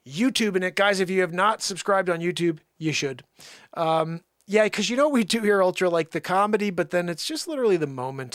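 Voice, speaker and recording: A man's voice: a little high, a bit bright, no room sound, clean studio sound. A man hosting a livestream, chatting casually and rambling with many fillers. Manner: rambling, full of "you know" fillers. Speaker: host.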